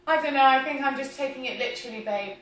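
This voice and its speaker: Chatty high-voiced woman baking. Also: fast, fairly bright tone. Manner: chatty, giggly, reads viewer comments aloud. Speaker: host of a home cooking livestream. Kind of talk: casual livestream chat while baking. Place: home kitchen, indoors. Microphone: camera mic at a distance. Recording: roomy kitchen from a distant mic.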